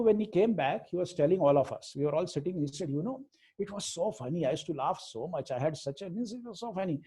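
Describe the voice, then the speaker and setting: A middle-aged man with an Indian accent leads a casual religious class and moves between Hindi and English as he tells anecdotes. His voice sits high for a man and sounds husky and gravelly. The tone is mellow, not bright. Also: poor audio. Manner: storytelling, mixing Hindi and English, acting out quotes. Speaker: spiritual teacher.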